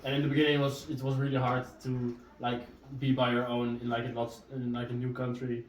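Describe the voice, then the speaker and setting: A young man from the Netherlands, a native Dutch speaker, answering interview questions in a halting way with many fillers and restarts. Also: mid-range voice, completely flat delivery. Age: young adult. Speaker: exchange student guest. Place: home during a live blog-cast. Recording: roomy sound from a distance.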